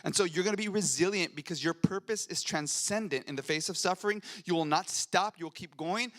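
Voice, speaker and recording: A man's voice: sits high, a little fast, hardly any pauses, fairly bright tone. A young adult man preaching a sermon in a church, conversational and earnest, rising to fervent emphasis. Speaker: pastor. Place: church sanctuary.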